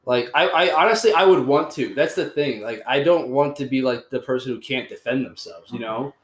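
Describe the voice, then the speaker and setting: A man's voice: mid-range voice, fairly quick. Young guy rambling thru a story on a podcast, lots of swearing, kinda echoey room. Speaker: podcast host. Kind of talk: casual chat.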